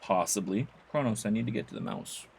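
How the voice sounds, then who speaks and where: A man's voice: on the low side, fairly quick, creaky, a little hiss or hum. A man giving casual, chatty commentary while playing a video game, with amused asides. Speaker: let's play host.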